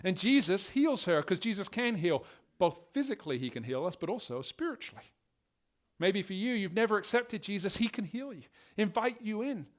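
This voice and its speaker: A man's voice: high voice, normal speed. A male pastor preaching a sermon and telling stories, acting out the scenes as he goes. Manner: animated storytelling, acting out scenes.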